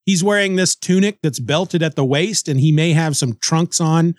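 A man hosting a comic book review podcast, talking casually in a rambling, joking way that thinks out loud. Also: fairly high pitch, moderate pace, no echo, studio quality. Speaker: podcast host.

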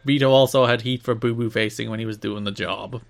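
A man co-hosting a casual podcast, talking quickly and wryly, often laughing. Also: mid-range voice, steady tone, vocal fry. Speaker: podcast co-host. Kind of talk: casual chat.

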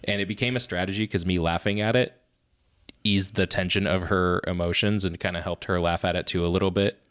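A man co-hosting a podcast, telling animated stories about being a father and often laughing at his own anecdotes. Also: low voice, a little fast. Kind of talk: casual chat.

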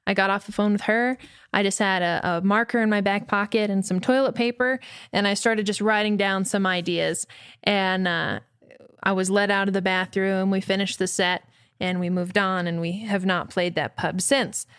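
Young female musician, lively interview storyteller, close dry mic. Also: mid-range voice, normal speed, clean tone, no echo. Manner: animated storyteller who acts out quotes. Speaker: band member. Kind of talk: casual anecdote in an interview.

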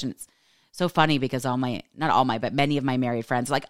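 A low-pitched woman in her forties talks through a personal story in a relaxed, lively monologue. She laughs often and says every line to a close mic in a dry room with no echo. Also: quick pace, clear, resonant tone. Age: 40s. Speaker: podcast host.

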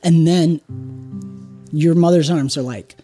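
A game master narrating a tabletop role-play scene in a slow, soft storytelling manner. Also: mid-range voice, soft background music. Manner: slow, drawn-out storytelling with soft drops in volume.

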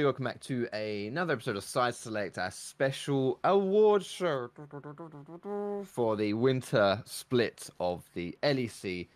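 A young British man hosting an esports podcast, joking and laughing in casual banter. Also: on the low side. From Britain. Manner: joking, laughs often, loose and rambling. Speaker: podcast host.

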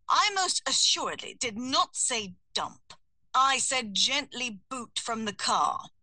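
A woman voicing an arrogant, uptight male hummingbird familiar with a British accent and a put-on deep voice, fussy and formal, in an audiobook. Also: pushed and bright, dry recording, exaggerated voice. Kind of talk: audiobook character voice.

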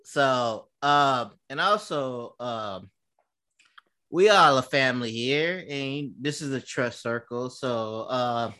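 Speaking slowly in a sharp, mid-range voice, a thirty-something podcast co-host chats casually. He tells stories loosely, with plenty of profanity and filler words.

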